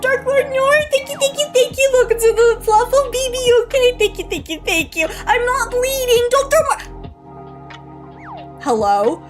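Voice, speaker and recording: A woman's voice: very high voice, sing-song, moderate pace, over loud music. A young woman streamer chatting casually and playfully, giggling and exclaiming often. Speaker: live streamer. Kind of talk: casual live-stream chat.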